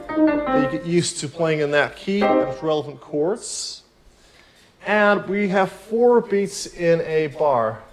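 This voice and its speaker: A man giving a piano tutorial, explaining technique in a relaxed, explanatory way. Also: on the high side, poor audio. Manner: relaxed, explanatory, counts beats aloud while playing. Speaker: piano teacher. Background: piano playing.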